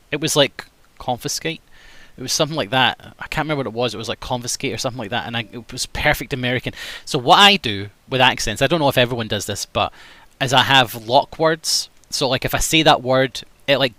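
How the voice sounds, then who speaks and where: A man's voice: mid-range voice, bright, forceful tone, no room sound. A man with an English accent chatting casually on a live game stream, self-mocking and talkative.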